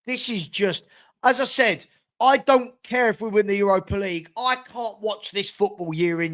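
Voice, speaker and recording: Hosting a live football watchalong, an exasperated man with a fairly high voice calls every pass at normal speed and groans at his own team's play, breaking off to give viewers shout-outs.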